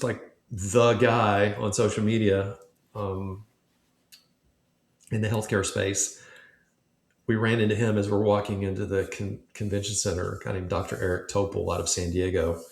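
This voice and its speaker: A man from Memphis, a podcast guest, telling a long story in a relaxed way and acting out quoted dialogue as he goes. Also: lowish voice. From Memphis, United States. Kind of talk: casual storytelling. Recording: echoey room.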